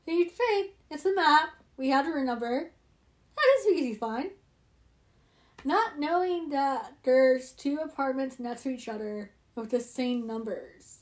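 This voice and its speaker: A woman in casual chat, telling stories in an animated way and laughing often. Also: sits high, measured pace. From United States.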